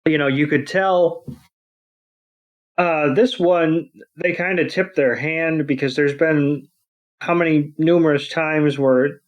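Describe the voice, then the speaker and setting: A man's voice: fairly high pitch, fairly even intonation, slow. Rambling podcast man recapping an episode. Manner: rambling, many ums and you-knows, acts out quotes. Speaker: podcast co-host.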